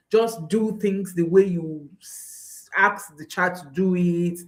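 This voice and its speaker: A woman coaching parents straight to camera, speaking slowly and with a lot of rise and fall in her pitch. She is earnest and emphatic, and she comes back to her key phrases again and again. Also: fairly bright tone. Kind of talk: direct-to-camera parenting talk.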